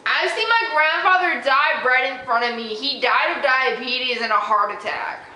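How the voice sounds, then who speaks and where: A woman's voice: sits high, lively intonation, normal speed, pushed and bright. A young woman telling a story on her vlog, worked up and emotional as she retells an argument. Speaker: vlogger. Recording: echoey room with faint noise.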